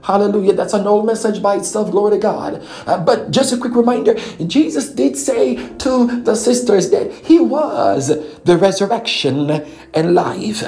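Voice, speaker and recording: A woman preaching a fervent sermon, repeating phrases and filling pauses with "praise God.". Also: mid-range voice, expressive, mellow.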